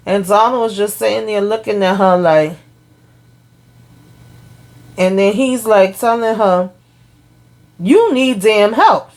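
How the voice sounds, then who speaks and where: A woman's voice: mid-range voice, unhurried, long pauses. Chatty woman recapping a TV drama. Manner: animated retelling of scenes with quoted lines, blunt and profane. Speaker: TV show recap host. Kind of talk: casual recap vlog.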